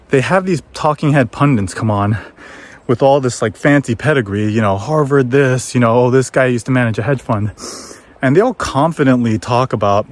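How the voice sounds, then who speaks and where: A man telling a casual, animated story while hiking outdoors on a forest trail, filmed on a handheld camera, acting out quoted voices as he goes. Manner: animated, acts out quoted voices in high pitch. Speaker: former trader telling a story.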